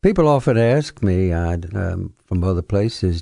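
An older man, a retired history professor telling anecdotes as a radio guest, halting with fillers. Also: low voice, expressive, gravelly, dark tone, dry recording, clean studio sound. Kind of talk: radio interview storytelling. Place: radio studio.

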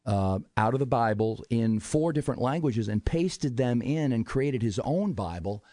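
A man appearing as a history guest on a radio talk show, explaining in a measured way and posing rhetorical questions. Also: mid-range voice, expressive, warm tone, no echo, clean studio sound. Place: radio studio.

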